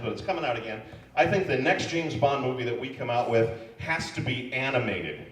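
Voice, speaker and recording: Animated male stand-up comic. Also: mid-range voice, a little hiss or hum. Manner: animated, jokey storytelling. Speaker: stand-up comedian. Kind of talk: stand-up comedy. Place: comedy club. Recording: echoey club room from far off.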